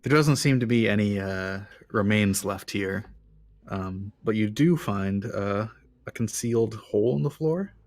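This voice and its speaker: Low-voiced man running a tabletop game. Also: unhurried, darkish tone. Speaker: dungeon master.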